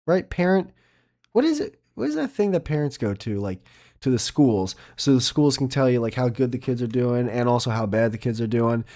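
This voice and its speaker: A man's voice: mid-range voice, big pitch swings, brisk, warm tone. A man hosting a solo podcast, rambling and self-mocking, swearing often. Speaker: podcast host.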